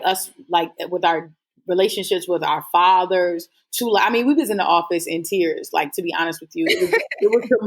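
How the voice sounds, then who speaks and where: A woman guest telling her story in a casual interview, earnest and rambling with lots of fillers. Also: fairly low pitch. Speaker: guest entrepreneur.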